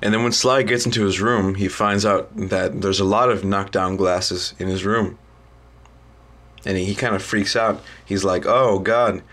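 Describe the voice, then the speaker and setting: A young man, a student, casually retelling a story in a halting way, full of ums and restarts. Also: sits low, fairly even intonation, a bit bright. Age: young adult.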